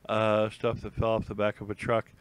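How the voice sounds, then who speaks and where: A man's voice: on the low side, monotone, moderate pace, slight background noise, low-quality recording. A man hosting a casual live stream, rambling and thinking aloud with many fillers and restarts while he browses listings. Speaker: YouTube host.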